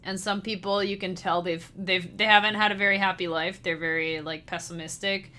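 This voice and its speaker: A woman's voice: mid-range voice, level tone, fairly quick, bright, forceful tone. A woman chatting casually with her live-stream chat as a musician, bubbly and giggly, speaking straight to her viewers. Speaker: livestreamer and chiptune musician.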